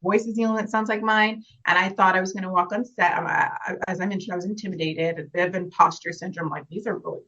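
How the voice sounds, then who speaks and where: A woman's voice: on the low side, steady tone, fast, hardly any pauses, a bit bright. A woman being interviewed as a guest actress, speaking earnestly and reflectively and laughing often in casual chat. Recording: slightly dull, lo-fi sound.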